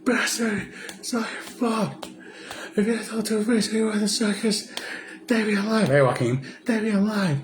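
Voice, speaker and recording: A man voicing a hotheaded young male sidekick hero in a high, strained voice, mocking the lines as he retells them. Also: normal speed, noisy background, lightly acted. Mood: bitter.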